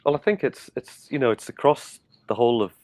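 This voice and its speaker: A middle-aged man from Liverpool with a softened Scouse accent, rambling in casual chat with many restarts. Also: mid-range voice, brisk, no room sound. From Liverpool, England. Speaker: guest.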